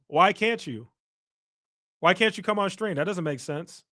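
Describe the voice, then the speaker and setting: A man's voice: high-pitched, animated, measured pace, sharp tone, no room sound, studio quality. A man from the United States hosting a casual livestream, reading the chat aloud and teasing and mocking a viewer. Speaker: livestream host.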